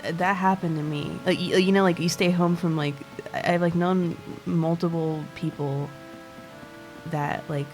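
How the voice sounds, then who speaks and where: A woman's voice: on the low side, fairly even intonation, a little slow, darkish tone. A young woman streaming a video game, chatting in a rambling, giggly way and swearing casually. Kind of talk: casual gameplay chat. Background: game music.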